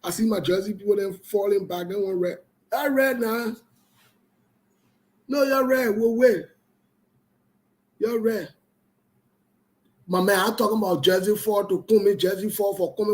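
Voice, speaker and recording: A man hosting a livestream, chatting casually and teasing viewers in a playful, repetitive way. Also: high voice. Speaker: online show host. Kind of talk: casual livestream chat reading viewer comments.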